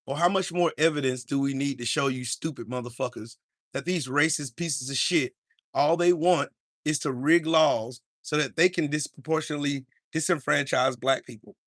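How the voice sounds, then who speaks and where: A man's voice: fairly high pitch, normal speed, fairly bright tone, no room sound, studio quality. Man ranting angrily on a live stream. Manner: angry, profane and confrontational. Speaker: podcast host.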